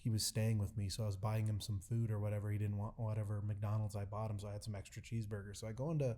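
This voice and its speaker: A male pastor chatting on a church podcast. His voice sounds mellow and dark. He tells his stories haltingly, with fillers and restarts, and plays out the quoted lines with growing excitement. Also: fairly low pitch. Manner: animated storytelling, acts out quoted dialogue. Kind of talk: casual podcast chat.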